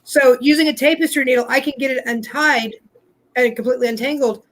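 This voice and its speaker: Woman, co-host, casual knitting chat, run-on explanations, slightly high voice. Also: steady tone, a little fast.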